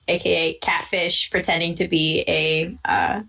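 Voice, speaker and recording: A woman co-hosting a podcast in casual chat, talkative and quick to laugh, getting loud and animated when she quotes people. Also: on the low side, creaky. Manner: chatty, laughs often, animated when quoting others. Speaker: podcast co-host.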